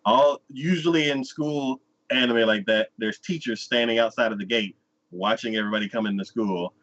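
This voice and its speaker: A man's voice: medium pitch, normal speed, fairly bright tone, highs cut off. A man hosting a casual podcast, telling a story in a loose, rambling way and acting out the characters. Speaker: anime review podcast host. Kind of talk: casual chat recapping an episode.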